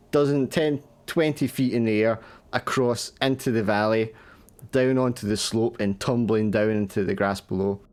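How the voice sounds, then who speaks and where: Low-voiced man narrating as game master. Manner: vivid descriptive narration, teasing players.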